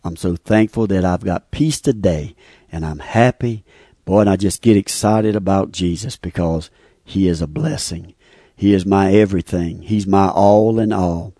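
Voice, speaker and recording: A man's voice: low-pitched, normal speed, mellow, no echo, studio quality. A man giving an earnest, heartfelt personal religious testimony, often repeating his phrases. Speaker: speaker giving a faith testimony. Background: faint guitar music.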